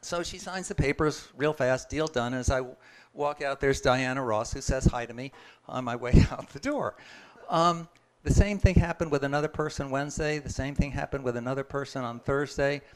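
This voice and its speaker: A man's voice: medium pitch, normal speed, clear, resonant tone. A man sharing a personal testimony in a casual, conversational storytelling way, chuckling and restarting his sentences as he goes. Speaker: guest speaker sharing a testimony.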